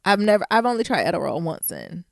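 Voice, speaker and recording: A young adult woman co-hosting a podcast, telling profane stories in a casual, animated way and acting out quotes. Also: fairly low pitch, fast, gravelly, dry recording, clean studio sound. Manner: laughs often while talking. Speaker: podcast co-host. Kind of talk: casual storytelling chat.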